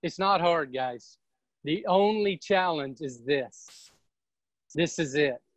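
Appearing as a guest on a video call, a real estate team leader delivers a blunt, emphatic and preachy motivational pep talk, swearing at times. Her low, expressive voice moves slowly, with no room sound, and the call audio is dull and dry.

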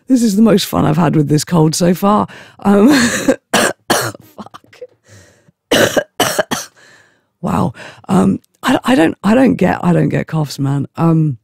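A man with a hoarse voice from a chest infection rambles to camera with giggles and stammering restarts. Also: fairly high pitch, expressive, normal speed, hardly any pauses, darkish tone, dry recording, studio quality. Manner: giggly, stammering, self-mocking. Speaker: vlogger. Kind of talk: rambling casual monologue.

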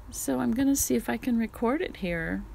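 A woman recording a casual spoken diary at home, musing softly and often dropping to a whisper. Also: on the high side, vocal fry, a little hiss or hum. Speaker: podcast host. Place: home in Northern California.

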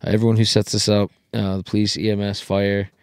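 A man's voice: on the low side, flat delivery, fast talker, smooth, no echo, clean studio sound. A young man co-hosting a podcast in casual chat, rambling and acting out quotes. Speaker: podcast co-host.

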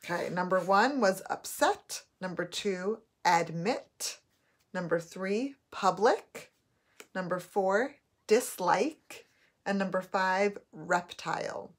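A woman teacher giving a recorded spelling test, dictating words slowly and repeating each one. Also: medium pitch, animated.

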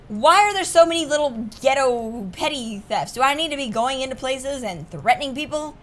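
A young woman with a high, bright, animated voice reads game dialogue aloud while hosting a gaming video, joking and cursing casually in between. She talks at normal speed, and the recording carries a little hiss or hum.

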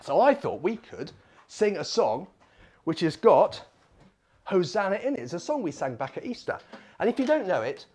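A man leading family worship as a vicar, telling a Bible story in an animated, playful way with props. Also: sits high, normal speed, slightly rough. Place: church.

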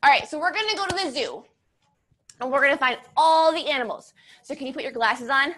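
A faint children's song plays as a young woman leads an upbeat movement class for kids, animated and fairly quick, with a high, somewhat bright voice. Her manner is playful, encouraging and sing-song, and there's a slight hiss or hum.

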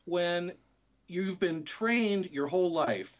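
Male interview guest, slightly high voice, relaxed explanatory delivery. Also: takes it slowly, highs cut off. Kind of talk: casual interview.

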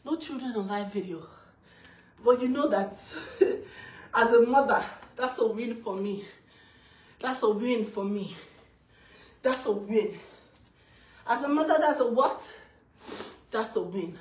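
A woman's voice: on the high side, slow, pauses often. A Nigerian woman and mother giving an emotional live-video testimony, chanting repeated exclamations mixed with laughter. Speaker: mother addressing her followers. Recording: roomy, far from the mic, faint hiss.

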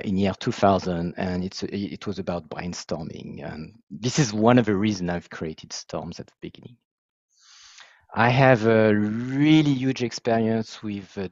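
Man, French accent, lowish voice, self-deprecating, hesitant, video call. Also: darkish tone, dry recording, muffled recording. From France. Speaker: software founder and facilitator. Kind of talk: casual video-call presentation.

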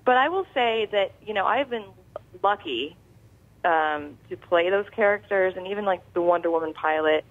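A woman guest calling in to an interview, candid and quick to laugh. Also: mid-range voice, phone-quality sound. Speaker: guest actress. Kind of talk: casual interview chat. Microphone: phone call-in.

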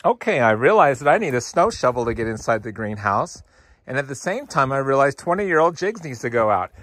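A farmer and channel host in his forties films himself on a handheld camera for a casual walk-and-talk farm vlog, outdoors and in a greenhouse. Out of breath from shoveling snow, he stays upbeat and calls viewers "guys," his medium-pitched voice sing-song, a little fast and a bit bright on a dry recording.

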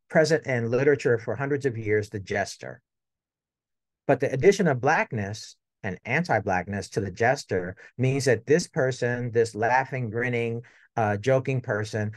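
A man's voice: mid-range voice, dry recording, studio quality. A middle-aged man giving an academic lecture in a conversational way, often checking in with "right?". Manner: conversational, tags points with "right?".

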